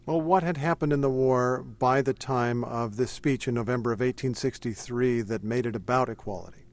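A man hosting a radio news program, asking the guest brisk, direct questions. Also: mid-range voice. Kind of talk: news interview.

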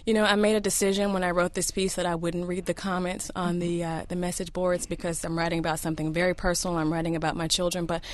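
A woman speaks as a radio guest in an earnest, personal way. She is reflective as she talks about raising children. Her voice sits a little low. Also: little pitch movement, fast talker, few pauses, dry recording. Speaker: guest, writer and mother. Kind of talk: earnest conversation.

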